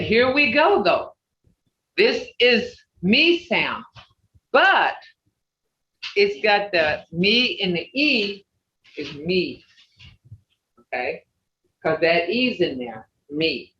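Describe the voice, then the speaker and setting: A language teacher giving a slow, repetitive pronunciation lesson over a video call, often checking in with "okay?". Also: medium pitch, sharp tone. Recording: roomy, muffled video-call audio.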